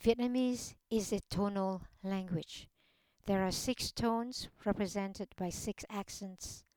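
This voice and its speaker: Very slow, deliberate woman teaching. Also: mid-range voice, steady tone, a little mellow, clean tone. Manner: slow, deliberate, enunciating each example. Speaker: language teacher. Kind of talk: slow instructional narration.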